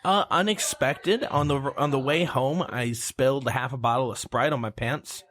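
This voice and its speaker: A man's voice: medium pitch, moderate pace, fairly bright tone, no room sound. A man hosting a casual comedic podcast in a studio, rambling with lots of fillers and playfully cutting in. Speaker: podcast host. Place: recording studio.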